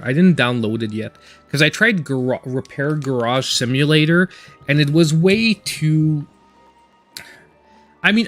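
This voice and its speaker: A man's voice: a little high, fairly bright tone. A man with a Canadian accent giving casual, rambling let's-play commentary as a gaming channel host. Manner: rambling, filler-heavy chatter.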